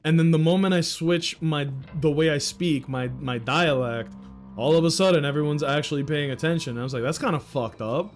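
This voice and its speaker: A man's voice: on the high side, fairly quick, faint music behind. Candid thirty-something man chatting on stream. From New York. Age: 30s. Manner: candid, rambling, swears casually. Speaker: livestream host. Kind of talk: casual livestream chat.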